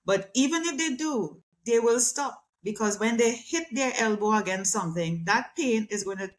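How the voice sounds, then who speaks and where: A middle-aged woman speaking as a guest communication specialist in a conversational interview, animated and acting out quoted voices. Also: on the high side, normal speed.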